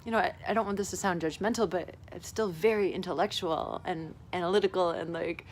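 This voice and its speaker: This woman's lowish voice is brisk with fairly even intonation, and there's slight background noise. In her casual vlog she confesses things in a rambling, effusive way, peppered with "like" and frequent laughter while she talks.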